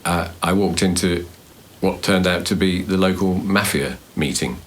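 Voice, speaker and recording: Man with a very deep voice. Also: normal speed. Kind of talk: casual chat.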